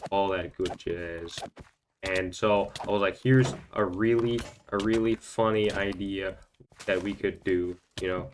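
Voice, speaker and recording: Brief: young male gaming host, lowish voice, casual storytelling that rambles and stumbles, a faint hiss behind. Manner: rambling, filler-heavy, stumbling repeats. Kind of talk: storytime commentary over gameplay.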